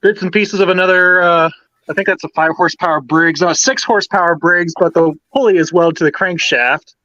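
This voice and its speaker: Brief: male host, high voice, methodical and casual, dull dry lo-fi garage-stream audio. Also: brisk, bright, forceful tone. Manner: methodical, steadily lists parts. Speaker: host showing his small-engine collection. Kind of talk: casual live-stream chat. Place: home garage.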